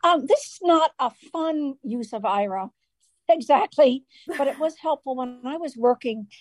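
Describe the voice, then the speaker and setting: A woman from the audience speaking on an online meeting, measured and pausing on fillers as she explains. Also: sits high, lively intonation, a little mellow, no echo. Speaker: audience member sharing experience. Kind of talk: casual online meeting chat.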